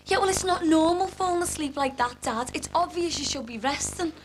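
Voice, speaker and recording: A woman's voice: high-pitched, a little fast, background noise, close to an everyday voice. A woman playing an anxious, pleading daughter. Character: anxious grown daughter fussing over her father. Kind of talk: TV soap acting.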